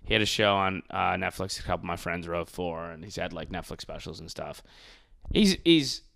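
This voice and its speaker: A man's voice: deep voice, expressive, fairly quick, gravelly, fairly bright tone. A man, a comedian, hosting a casual podcast chat, ranting with profanity.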